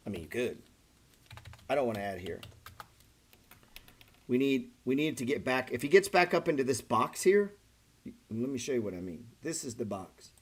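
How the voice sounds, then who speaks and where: With big pitch swings around a medium range, a breathy edge, a normal speed and frequent pauses, a middle-aged man hosts a casual trading livestream. He's blunt, swears often, and calls viewers "man" and "bro."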